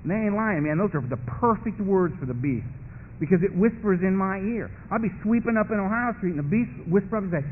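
A man's voice: high voice, lively intonation, a little fast. A man speaking at a recovery meeting, giving an earnest, colloquial personal testimony that drives its points home through repetition. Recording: tinny lo-fi phone-like recording with faint hiss.

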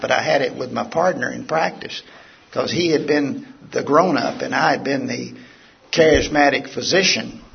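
Man, raspy gravelly voice, live lecture, conversational storytelling, dull lo-fi recording. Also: mid-range voice. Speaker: lecturer on addiction recovery. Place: meeting hall with audience.

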